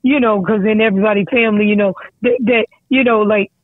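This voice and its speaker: A middle-aged mother on a phone call, talking in a rambling, halting way with many restarts. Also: mid-range voice, fairly even intonation, no room sound. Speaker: caller, mother of a guest. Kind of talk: emotional phone chat. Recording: tinny phone line, dry.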